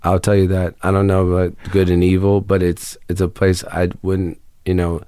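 A man's voice: low voice, completely flat delivery, moderate pace, mellow, clean tone, no room sound. A man in his fifties from Ohio, chatting as an interview guest in a dry, wry, meandering way. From Ohio, United States. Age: 50s. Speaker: guest musician. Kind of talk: casual interview chat.

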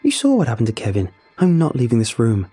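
A man voicing a young woman in shock who loudly refuses to leave, frightened. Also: medium pitch, huge pitch swings, quick pace, breathy edge, soft background music.

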